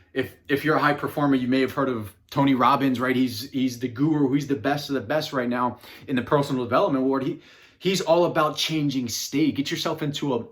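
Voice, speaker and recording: A man talking casually and earnestly to his phone camera from his home office, often repeating words and restarting his sentences. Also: medium pitch. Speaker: self-help vlogger. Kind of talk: casual motivational monologue.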